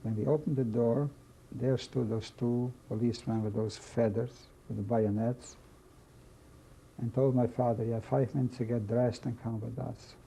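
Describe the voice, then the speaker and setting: An older man from Czechoslovakia, telling his life story in an oral history testimony, halting and slow, repeating phrases as he remembers. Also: mid-range voice, steady tone, vocal fry, dark tone. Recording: dull lo-fi recording, faint hiss.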